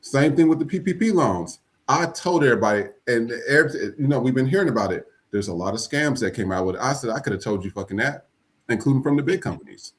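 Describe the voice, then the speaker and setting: A man's voice: mid-range voice, quick pace. Blunt, profane male podcast host. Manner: blunt, profane, animated ranting. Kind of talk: casual political chat.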